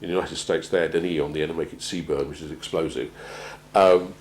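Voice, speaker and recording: A man gives a measured talk on crisis planning, often pausing and repeating words as he goes. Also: extremely low pitch, steady tone, a little hiss or hum, low-quality recording. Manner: measured, halting, repeats words while finding them. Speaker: presenter on organisational crisis planning. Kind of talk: prepared talk to an audience.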